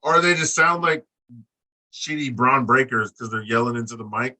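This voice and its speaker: A man's voice: medium pitch, normal speed, low-quality recording. A man co-hosting a casual podcast, ranting bluntly and crudely. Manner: blunt, crude, animated rants. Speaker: podcast co-host. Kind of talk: casual profane chat.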